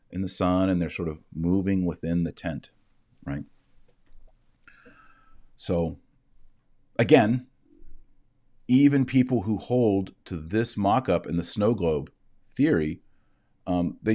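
Seated indoors at a desk with a shared screen, a male Bible teacher gives an online lecture, explaining verses conversationally and answering his own rhetorical questions. He has a deep voice with a darkish tone.

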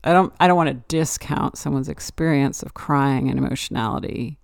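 Podcast host, woman, musing solo monologue, gravelly voice, dry close mic. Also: very deep voice, moderate pace, no room sound. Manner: rambling and reflective, with many "like" and "you know" fillers.

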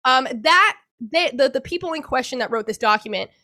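Bright-voiced young woman telling a hard story. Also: sits high, expressive. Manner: emotional, halting, many restarts and swearing. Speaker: guest. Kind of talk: personal account in a podcast interview.

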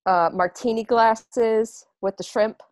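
A woman plays a shy woman whose head sits in a glass dome, speaking hesitantly with frequent ums. She talks slowly in a dry, close sound. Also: fairly high pitch, steady tone, darkish tone, dry recording. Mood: amused. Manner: hesitant, many ums, giggly.

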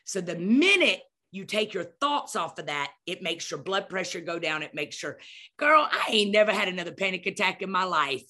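A woman's voice: on the low side, lively intonation, moderate pace, sharp tone. A middle-aged woman telling a story with emphatic, preacherly energy, acting out scenes as she goes. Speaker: podcast guest speaker. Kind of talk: animated storytelling.

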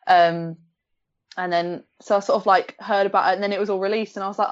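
A woman's voice: mid-range voice, fast. A young woman, chatting and laughing easily as guest host on a podcast. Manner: giggly, chatty. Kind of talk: casual chat. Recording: dull lo-fi audio.

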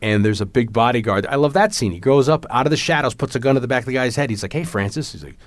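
A man in relaxed conversation, talking fast and animated as he replays favorite scenes. He jumps into the characters' lines, trips over restarts and laughs along. His voice sits mid-pitch with a dry, close recording. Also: no room sound. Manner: animated, acts out movie lines, laughs often, many restarts. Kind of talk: casual chat.

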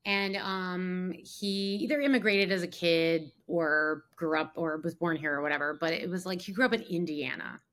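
A woman's voice: on the low side, normal speed, hardly any pauses, a bit bright. A woman who works as an actor and casting director, chatting casually on a podcast and telling stories with lots of fillers. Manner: chatty storyteller, many fillers and acted quotes.

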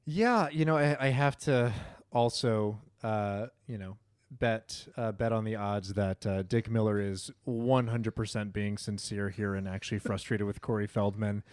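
Male co-host, smooth resonant voice, dry sound, hedges a lot. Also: on the low side, measured pace, darkish tone, no room sound. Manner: hedging, many fillers. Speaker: podcast co-host. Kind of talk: casual movie discussion.

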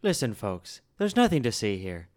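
A man playing a tabletop game, describing his character's moves in a measured, playful way. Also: lowish voice, sing-song, a little mellow. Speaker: player.

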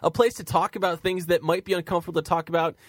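A man's voice: sits high, steady tone, very fast, dry recording. A man hosting a talk radio show, speaking in a friendly, promotional way.

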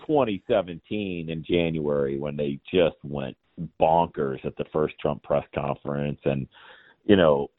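A man in his forties, a podcast guest, ranting in an animated, scornful way in casual chat. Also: a bass voice, unhurried, no echo. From Cincinnati area, Ohio. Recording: tinny phone-like line.

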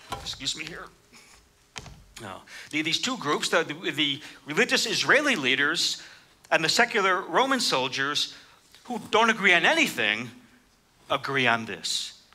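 A man preaching a sermon, reading scripture and explaining it, lifting his voice sharply for quoted lines. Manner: animated, raises pitch for quoted speakers.

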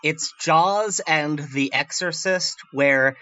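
A podcast co-host in casual chat, joking and quick with asides. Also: mid-range voice, bright, forceful tone, muffled recording. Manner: quick, joking, puts on silly voices when quoting.

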